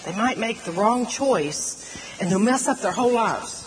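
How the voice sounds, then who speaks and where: A woman's voice: fairly high pitch, measured pace. Woman preaching in a reverberant hall. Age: middle-aged. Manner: earnest, animated, drawing out words for emphasis. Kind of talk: sermon. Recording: long hall reverb, faint noise.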